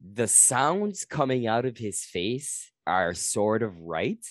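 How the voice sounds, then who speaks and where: Man, very deep voice, laid-back storyteller, casual podcast guest, swears freely, dry close sound. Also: sing-song, slow pace, dry recording. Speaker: comedian guest. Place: lives in Toronto.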